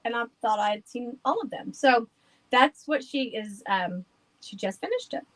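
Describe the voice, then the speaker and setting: A woman's voice: on the high side, sing-song, normal speed, rough recording. A woman guest on a podcast, chatting casually and rambling with frequent laughs. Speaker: guest, haunted house owner.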